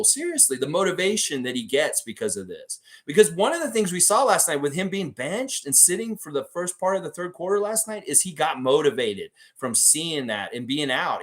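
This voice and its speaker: A man in his forties from Florida, hosting a casual fan livestream, talking in an excitable, profane, rambling way. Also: a little high. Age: 40s. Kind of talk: casual sports fan commentary.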